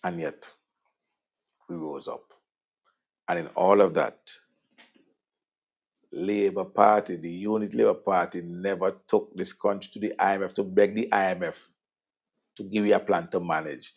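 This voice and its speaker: A man with a Vincentian accent hosting a political talk show, sardonic and conversational, swinging between loud jabs and murmured asides. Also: sits low, steady tone, unhurried, creaky, pauses often. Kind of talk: political commentary.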